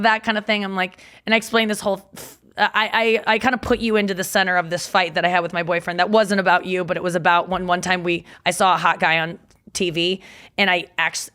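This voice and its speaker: A woman's voice: fairly low pitch, brisk. A woman comedian, a guest on a podcast, telling frank, bawdy stories in casual chat and acting out the quotes. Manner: frank, bawdy, animated storyteller who acts out quotes.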